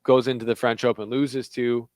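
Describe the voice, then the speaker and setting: A man's voice: mid-range voice, flat delivery, normal speed, a little mellow, no echo. A young man from Canada co-hosting a podcast in casual chat, talking loosely with lots of "like" fillers. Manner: chatty, loose, full of "like" fillers. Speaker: podcast co-host.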